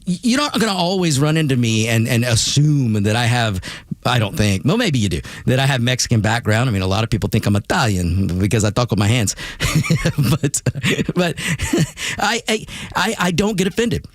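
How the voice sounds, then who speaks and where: Male talk radio host, animated and fast-swinging in pitch, stammering restarts, dry studio mic. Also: no echo. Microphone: studio microphone.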